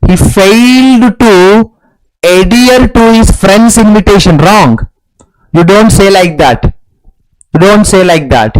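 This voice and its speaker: A man with an Indian English accent teaches an online exam-prep English class, repeating key phrases and explaining each answer with emphasis. His voice sits high. The recording is dry and close, with no room sound. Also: smooth, no room sound, poor audio.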